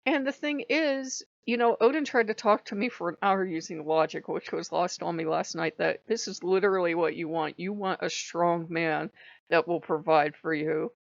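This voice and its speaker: A woman with a fairly low voice rambles through a casual vlog, cursing freely and laughing often. The sound is dull and lo-fi, dry with no room around it. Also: normal speed, gravelly, no echo. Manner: profane, animated, laughs often. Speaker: channel host. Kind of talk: casual spiritual vlog monologue.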